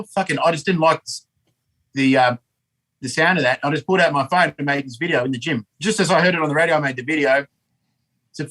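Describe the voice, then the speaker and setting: A man's voice: on the high side, fast talker, a bit bright, low-quality recording. An Australian man telling a rambling story as a podcast guest, swearing often and full of energy. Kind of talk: casual storytelling.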